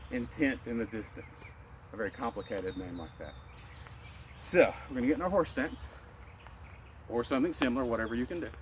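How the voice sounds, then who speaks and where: A male martial arts instructor calmly leading a qigong class, cueing each breath in a slow, steady rhythm. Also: mid-range voice, slight background noise.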